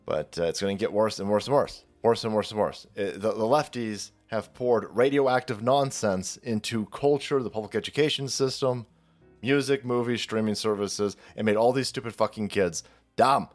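A man's voice: on the low side, moderate pace, faint music behind. A man hosting a political commentary channel, ranting in a profane, sarcastic, mocking way.

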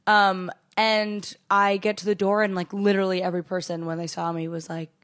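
Young woman, comedian, casual podcast chat, deadpan storytelling, dry close mic. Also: medium pitch, fairly quick, no room sound. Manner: storytelling with deadpan jokes, many fillers.

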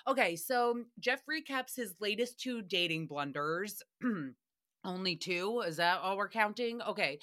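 A woman's voice: mid-range voice, lively intonation, normal speed, sharp tone. A young adult woman hosting a casual solo podcast recap, chatty, profane and sarcastic. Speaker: podcast host recapping a radio show.

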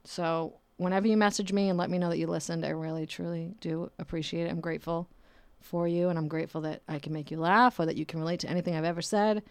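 A woman's voice: on the low side, steady tone, fast talker, a little mellow, clean tone, no echo. A woman hosting a casual solo podcast and talking about her work as a nurse, blunt and profane, rambling with frequent fillers. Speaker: podcast host.

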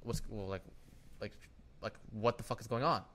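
A man's voice: lowish voice, moderate pace, slight background noise. A young man co-hosting a casual podcast, telling a heated story with acted-out quotes and frequent swearing. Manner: animated storytelling, acts out quotes, swears a lot. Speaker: podcast co-host. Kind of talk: casual chat.

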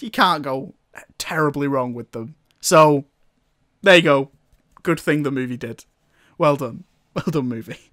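A man's voice: fairly high pitch, sharp tone, smooth, no echo, studio quality. Amused man rambling through a recap. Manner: rambling and amused, often laughing, sarcastic asides. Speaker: film reviewer. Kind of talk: casual comic film recap.

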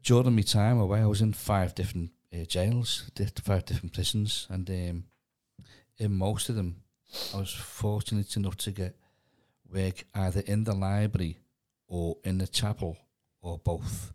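A man sharing his own story on a podcast, hesitant and halting with frequent pauses. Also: deep voice, fairly even intonation, a little mellow. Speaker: podcast co-host. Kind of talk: casual personal testimony.

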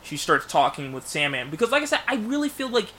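Guy rambling thru a movie idea, bright tense voice, bit of hiss behind. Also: high voice, sing-song, quick pace. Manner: rambling storyteller, many restarts, bursts of loud acted lines. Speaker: podcast co-host. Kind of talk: casual chat.

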